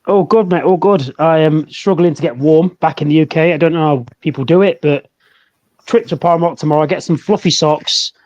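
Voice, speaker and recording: A man's voice: fairly high pitch, normal speed, darkish tone. A laid-back man co-hosting a casual football chat podcast, laughing often. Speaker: podcast co-host. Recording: dull lo-fi audio.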